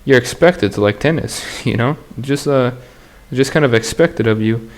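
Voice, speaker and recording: A man's voice: mid-range voice, moderate pace. A man hosting his own podcast, talking alone in a rambling, crude, slangy way with frequent laughs. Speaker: podcast host. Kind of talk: casual solo podcast monologue.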